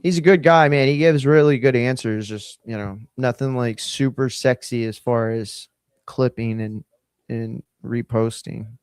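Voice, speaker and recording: A man hosting a live stream, chatting loosely and giving offhand shout-outs to viewers. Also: medium pitch, measured pace, clean tone, dry recording, studio quality. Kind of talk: casual live-stream chat.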